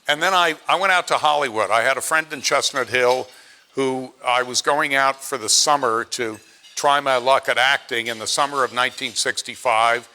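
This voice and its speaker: A man's voice: medium pitch, sharp tone, a little hiss or hum. A man in his late seventies from Pennsylvania giving a chatty, self-deprecating after-dinner speech and acting out quotes in his stories. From Pennsylvania, USA. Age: 70s.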